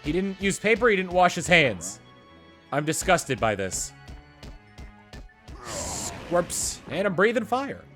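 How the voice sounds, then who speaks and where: A let's-play host with a high, somewhat bright voice comments slowly on a video game, pausing often and swinging widely in pitch. He's playful and silly, rambling through asides and breaking into made-up songs, with soft music in the background.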